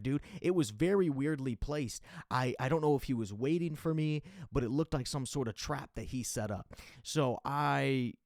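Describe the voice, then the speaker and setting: A young man spins a rambling personal story in loose, slang-heavy speech full of swearing. When he quotes his own panicked thoughts, he drops low and hushed. The voice sounds close and dry, with no room around it. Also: no echo. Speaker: podcast host. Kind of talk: casual storytelling monologue.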